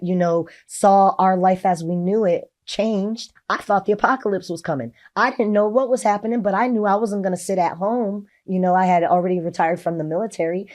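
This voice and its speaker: A woman's voice: medium pitch, a little mellow. A middle-aged woman, a state representative, telling her personal story in an interview, earnest and heartfelt, with many "you know" fillers. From Texas.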